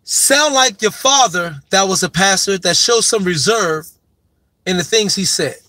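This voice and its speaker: High-pitched man lecturing, slow and cursing. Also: sharp tone, no echo. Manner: profane, emphatic, lecturing; repeats his main point with heavy stress. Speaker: sports commentator. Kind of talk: opinion monologue on boxing.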